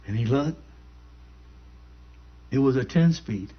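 A man's voice: mid-range voice, animated, slow, pauses often. A man preaching a sermon with emphatic call-and-response. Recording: dull lo-fi recording.

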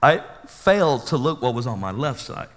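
A man preaching his own testimony as an animated, dramatic storyteller, with a long hall reverb around him. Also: mid-range voice, moderate pace.

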